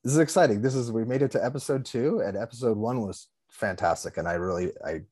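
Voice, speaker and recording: A man's voice: mid-range voice, fast, a little mellow, husky. A man hosting a podcast in casual chat, upbeat and loose, with many restarts. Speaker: podcast host.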